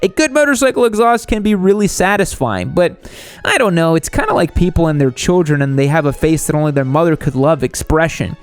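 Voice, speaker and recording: A man hosting a motorcycle channel, narrating a scripted comedy bit in a deadpan style that jumps into animated outbursts. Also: on the high side, fairly quick, clean tone, faint music behind. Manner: deadpan jokey delivery with sudden animated outbursts.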